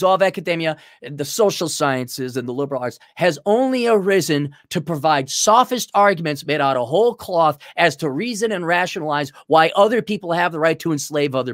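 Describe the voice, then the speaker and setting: A man's voice: on the high side, dry recording, clean studio sound. A man giving a profane, heated and mocking rant as a political commentator on a livestream.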